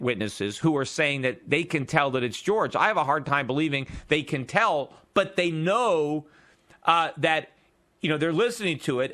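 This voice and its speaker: A man's voice: fairly high pitch, a bit bright. A man hosting a radio talk show, delivering an argumentative, emphatic political monologue with frequent restarts and filler.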